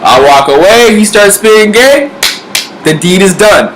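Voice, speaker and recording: A man's voice: sits high, expressive, measured pace, fairly bright tone, slight background noise, poor audio. Laid-back young man giving bro advice. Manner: laid-back bro talk, filler-heavy, acts out little scenes. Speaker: vlog host giving dating advice. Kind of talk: casual comedic advice vlog.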